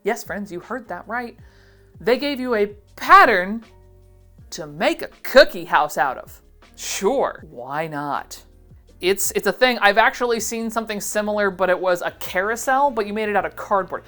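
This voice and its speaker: A woman in her thirties from Ohio talks through a casual vlog, giggly and self-deprecating. Her pitch swoops up and down all the time. Faint music plays underneath. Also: lively intonation, normal speed, a bit bright. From Ohio, USA. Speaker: vintage pattern seller and vlogger.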